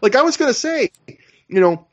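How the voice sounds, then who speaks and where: A man's voice: very high voice, big pitch swings, a little fast. A man hosting a podcast, chatting casually with many hedges and fillers. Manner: hedging, filler-heavy. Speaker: podcast host. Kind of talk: casual chat reviewing wrestling. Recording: dull lo-fi audio.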